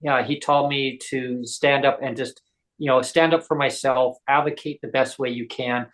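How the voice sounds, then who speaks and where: A man's voice: mid-range voice, steady tone, moderate pace, fairly bright tone. A man who is a disability advocate, telling stories in a casual podcast chat and acting out the dialogue he quotes.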